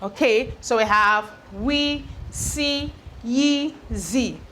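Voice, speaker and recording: Woman teacher, spelling lesson, slow unhurried delivery, repeats words, tags "okay?". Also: fairly high pitch, fairly bright tone, a little hiss or hum. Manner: repeats each word several times, ends points with "okay?". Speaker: English teacher.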